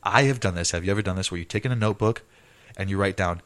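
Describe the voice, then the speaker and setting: A man's voice: low voice, very fast, fairly bright tone. A man in his thirties, an improv comedian guesting on a podcast, talking in a rambling, swearing casual chat. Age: 30s.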